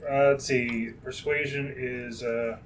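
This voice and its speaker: A man's voice: medium pitch, flat delivery, slow, slight background noise. Guy at a tabletop game, kinda far from the mic, hesitant. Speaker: player. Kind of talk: casual tabletop gaming chat. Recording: voice picked up from a distance.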